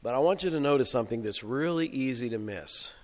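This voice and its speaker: A man's voice: medium pitch, lively intonation, quick pace. Man preaching in a reverberant hall. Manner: conversational, chuckling storyteller. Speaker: pastor. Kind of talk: sermon.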